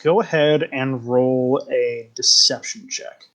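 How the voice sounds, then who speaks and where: A man's voice: mid-range voice, takes it slowly, fairly bright tone. A man running a tabletop game as game master, narrating loosely with many fillers.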